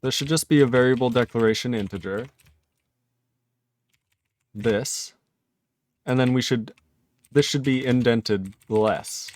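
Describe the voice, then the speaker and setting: A man's voice: mid-range voice, a little slow, long pauses, dry recording. A man live-streaming his programming work, thinking aloud in casual talk, chuckling often and chatting with his viewers.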